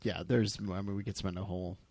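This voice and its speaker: A man's voice: low-pitched, steady tone, fast talker, creaky, darkish tone, no room sound. A man co-hosting a movie podcast, chatting easily and laughing as he reads out trivia. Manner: easygoing, laughs while reading trivia. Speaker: podcast co-host. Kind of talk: casual movie chat. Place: at a table in a studio.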